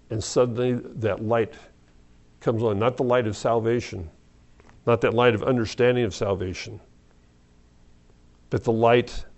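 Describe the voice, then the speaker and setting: A middle-aged pastor with a fairly low voice leads an evening Bible study, speaking haltingly and conversationally, restarting sentences and laughing softly.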